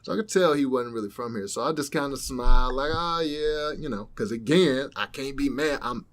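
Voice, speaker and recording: Speaking a little fast in a mid-range voice, a young man co-hosting a podcast spins a story during casual chat, performing the voices of anyone he quotes with lively energy.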